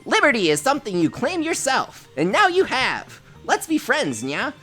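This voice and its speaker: A woman streaming a game live, giggling often and gushing with excitement over her pulls. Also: fairly high pitch, normal speed. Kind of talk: live-stream gameplay commentary. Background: faint game music.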